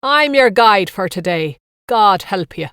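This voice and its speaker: A woman voicing a jolly, joking male Irish bus guide with a booming voice and a broad Irish accent put on. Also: lively intonation, unhurried, smooth, no echo, studio quality. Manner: joking, loud and drawn out.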